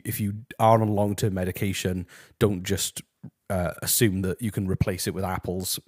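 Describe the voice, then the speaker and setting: A man hosting a comedic review from his house, talking deadpan and rambling with lots of ums. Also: low voice, no room sound, studio quality. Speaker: host. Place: his house, walking to the kitchen.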